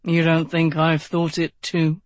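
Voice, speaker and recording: An audiobook narrator voicing a calm, blunt, world-weary knight who talks dryly and frankly, a bit lower than the narration. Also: no room sound, lightly acted. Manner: dry, unhurried, frank.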